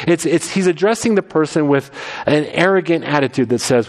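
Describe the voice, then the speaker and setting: A man's voice: mid-range voice, moderate pace, long reverb tail. A man preaching a sermon, emphatic and conversational, often repeating words as he restarts his sentences. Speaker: pastor.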